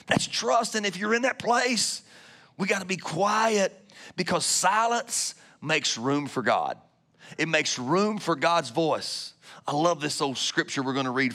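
A man preaching a Pentecostal sermon, calling out to the congregation and swinging from loud shouts to hushed whispers. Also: a little high. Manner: calls out to congregation. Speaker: pastor.

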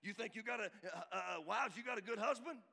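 A middle-aged male pastor, preaching a sermon emphatically, swinging from loud exhortation to hushed asides. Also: high-pitched, a little fast, vocal fry. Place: church hall. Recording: reverberant church hall.

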